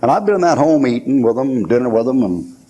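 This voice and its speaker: A man's voice: mid-range voice, sing-song, fast talker, warm tone. An older man preaching a sermon in a folksy storytelling way, telling stories from his own life. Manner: folksy storytelling preaching, acts out quoted voices. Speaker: pastor.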